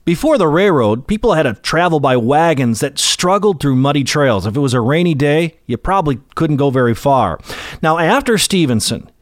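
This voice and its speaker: A male host tells a history story in a scripted but folksy way. His pitch swoops up and down as he leans on key dates and points. The sound is dry, with no room around it. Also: dry recording.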